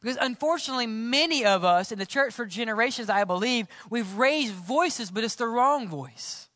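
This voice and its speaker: Preaching man with dramatic hushed drops. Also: very high voice, animated, normal speed, dry recording, studio quality, long reverb tail. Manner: dynamic preaching, swinging from loud exclamations to hushed whispers. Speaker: pastor. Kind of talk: sermon. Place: church.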